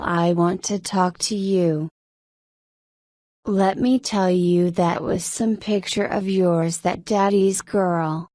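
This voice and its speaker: A woman reading the lines of a brash male film director in her own slow voice. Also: on the low side, darkish tone, no echo, clean studio sound.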